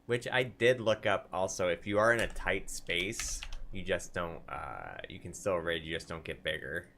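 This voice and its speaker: Deep-voiced man running a tabletop game. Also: normal speed, vocal fry, a little hiss or hum. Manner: relaxed, explains rules while voicing characters. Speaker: dungeon master.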